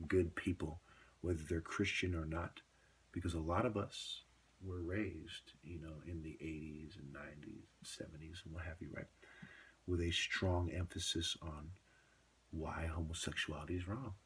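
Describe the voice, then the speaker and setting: A man's voice: deep voice, a little hiss or hum. A man talking straight to camera in a long, rambling monologue, dropping into whispers for asides. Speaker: video blogger.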